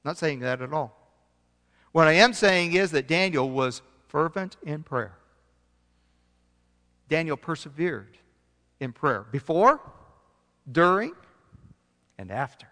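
A pastor delivers a sermon in a large hall, reading scripture aloud and shifting between loud emphasis and quiet stretches. His fairly high voice is animated but slow, with long pauses, and now and then he loses his place and corrects himself.

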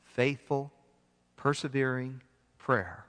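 A man preaching a sermon, reading scripture aloud and swinging between loud emphasis and quiet passages, sometimes losing his place and correcting himself. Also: fairly high pitch, animated, unhurried, in a large hall. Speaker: pastor.

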